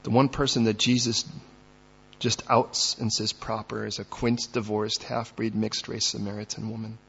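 Male pastor, gravelly husky voice, sermon delivery that swings loud to hushed, dull lo-fi recording. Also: fairly low pitch, level tone, moderate pace.

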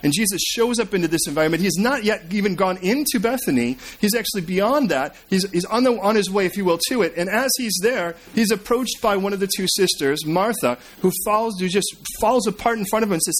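High-voiced man preaching a sermon. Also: animated, a little fast, hardly any pauses. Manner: storytelling with swings between emphatic and hushed delivery. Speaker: pastor.

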